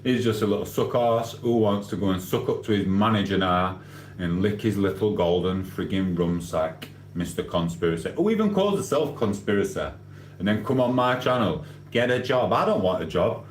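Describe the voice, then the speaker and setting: A man chats on his livestream in a blunt, cheeky, ranting way, swearing as he reads comments. His voice sits a little low. The room gives it an echo, with a faint hum underneath. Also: animated, normal speed. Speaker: livestream host. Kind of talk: casual livestream chat, reading comments.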